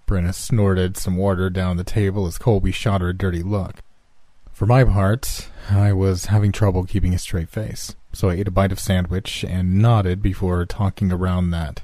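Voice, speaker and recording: A man narrating a horror story in a calm, even storytelling manner. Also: low-pitched, moderate pace, no echo.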